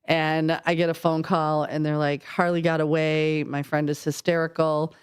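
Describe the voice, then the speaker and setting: A woman's voice: sits low, normal speed, clear, resonant tone. A woman co-hosting a local radio show, telling a story in casual banter and acting out the quotes. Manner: lively storyteller, acts out quotes. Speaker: radio co-host. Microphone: studio microphone.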